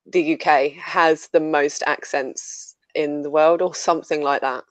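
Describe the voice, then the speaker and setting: In a relaxed streamed chat, a Buckinghamshire guest talks unhurriedly in a mid-range, fairly even and fairly bright voice, dryly recorded. The southern English accent carries some Scouse, and the speaker laughs readily between lots of fillers.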